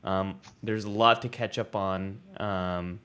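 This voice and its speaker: A man's voice: deep voice, takes it slowly, clear, resonant tone. A man co-hosting a casual livestream chat, reading out viewer comments in an upbeat way over a video call. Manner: reads viewer comments aloud, lively and upbeat. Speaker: co-host.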